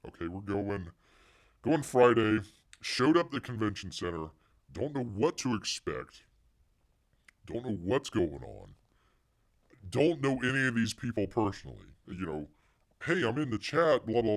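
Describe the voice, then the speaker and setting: Animated man on a casual livestream. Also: lowish voice, moderate pace. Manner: talks of himself in the third person, animated and rambling. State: losing his voice. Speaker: livestream host.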